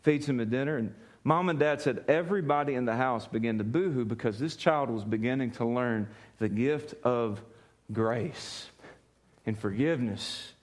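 A man preaching a sermon, telling a story in an animated way, often laughing and repeating words as he goes. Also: medium pitch, moderate pace. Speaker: pastor.

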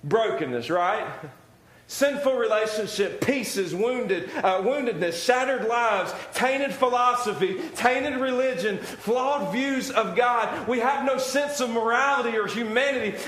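High-voiced preacher in an echoey room. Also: male voice, animated, slow, fairly bright tone. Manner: earnest, repetitive preaching with rhetorical questions. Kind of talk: sermon.

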